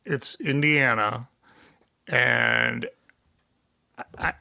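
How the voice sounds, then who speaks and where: A man's voice: mid-range voice, steady tone, drawn-out words, gravelly, bright, forceful tone, no echo. A man hosting a casual comedic chat, rambling and joking, laughing at his own bits. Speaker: podcast host.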